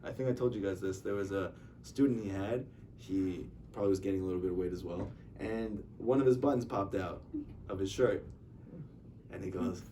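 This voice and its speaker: Rabbi lecturing a class in a low, conversational voice, acting out anecdotes, heard from a distance with light noise. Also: male voice, normal speed, mellow. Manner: conversational, tells stories and acts out dialogue. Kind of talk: informal religious lecture. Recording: distant mic with faint noise.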